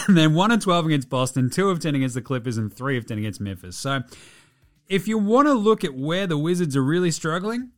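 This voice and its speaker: A man's voice: fairly high pitch, very animated, fairly quick. A man hosting a casual sports podcast, joking and swearing as he recaps games. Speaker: podcast host.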